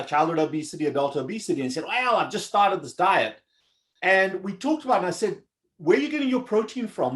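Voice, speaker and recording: A man from South Africa, a surgeon guest on a podcast, agreeing and telling stories in casual chat. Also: high voice.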